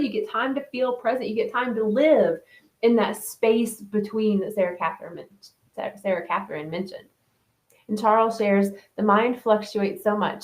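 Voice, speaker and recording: A woman hosts a casual reflection session for an online group. She talks in a loose, conversational way, reading out comments from participants and answering them. Her voice sits at a middle pitch and has a clear, roomy echo. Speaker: wellness group host.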